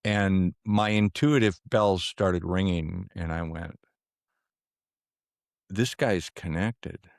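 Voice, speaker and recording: Deep gravelly man telling stories. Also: takes it slowly, long pauses, no room sound, clean studio sound. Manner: animated storyteller who acts out quoted dialogue. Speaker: podcast guest, remote viewer. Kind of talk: conversational storytelling.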